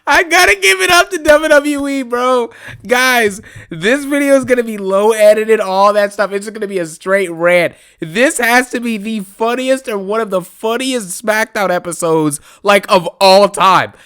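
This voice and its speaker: Young male wrestling vlogger, high-pitched, smooth-toned, mocking casual rant. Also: a little slow. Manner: laughing, mocking, animated.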